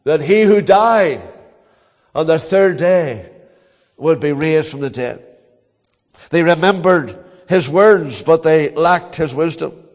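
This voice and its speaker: An older man with a Northern Irish accent preaching a sermon as a pastor, telling stories earnestly with dramatic pauses. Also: fairly high pitch, expressive, in a large hall.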